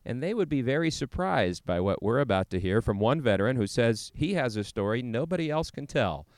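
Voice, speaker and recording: A man hosting a veterans' program, reading scripted narration in a measured, earnest way. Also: medium pitch, expressive, no room sound. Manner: measured, earnest presenter delivery. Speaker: host.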